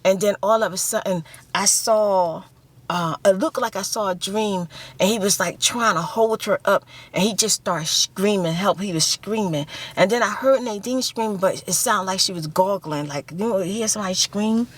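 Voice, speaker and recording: A woman recounting a frightening memory in casual, heartfelt speech. She talks at a middling pitch, repeats herself and breaks into acted-out screams and quotes. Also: moderate pace. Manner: emotional, repeats phrases, acts out screams and quotes. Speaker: ASMR vlogger. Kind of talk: casual storytelling.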